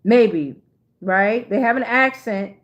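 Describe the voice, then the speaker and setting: A woman's voice: a little high, takes it slowly, dull audio. Chatty, cursing woman tarot reader. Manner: chatty, profane, keeps asking "right?". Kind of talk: casual reading to viewers.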